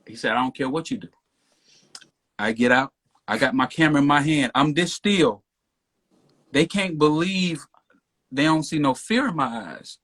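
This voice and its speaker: Man, podcast guest, casual storytelling, animated, gets loud and heated. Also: on the high side, normal speed. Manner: animated, rising to near shouting when retelling the stop.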